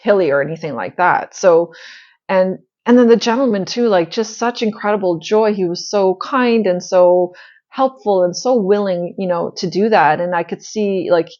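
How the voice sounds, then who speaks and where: A woman's voice: mid-range voice, moderate pace, a little mellow, highs cut off. A woman host telling a personal story in a casual, earnest way, with many fillers and restarts. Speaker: spiritual channel host.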